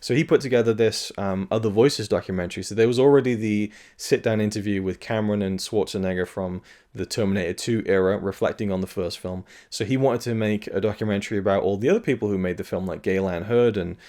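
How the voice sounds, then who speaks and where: Casting: male podcast host, slightly low voice, loose rambling film talk. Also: fairly even intonation, quick pace, darkish tone. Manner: rambling, lots of fillers and restarts. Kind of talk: casual solo commentary.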